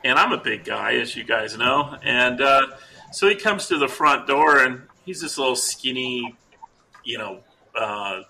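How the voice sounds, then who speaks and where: Middle-aged male podcast co-host, rambling and jokey, bright and gravelly. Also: mid-range voice, expressive, a little slow, slight background noise, rough recording. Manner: rambling, self-interrupting, jokey. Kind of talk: casual storytelling chat.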